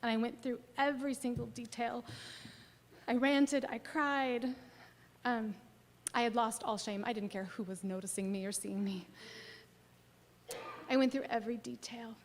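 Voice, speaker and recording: A woman pastor preaching a sermon, telling a personal story expressively and dropping at times to a soft near-whisper. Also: a little high, steady tone, moderate pace, pauses often, slight background noise. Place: church sanctuary. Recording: long church hall reverb.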